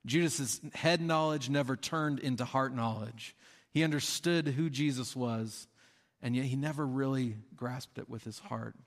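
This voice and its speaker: A man's voice: mid-range voice, measured pace. A man preaching a sermon in a casual, conversational way, often acting out the people in his stories. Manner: conversational, with fillers and acted-out quotes. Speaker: pastor. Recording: long hall reverb.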